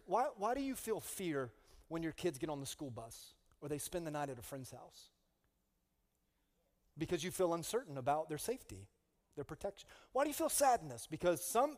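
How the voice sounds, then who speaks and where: A middle-aged male pastor preaching a humorous sermon, telling stories with comic energy and calling out to the congregation. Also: sits high. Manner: animated, comic, with rising call-outs to the congregation. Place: church sanctuary. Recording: long reverb of a large hall.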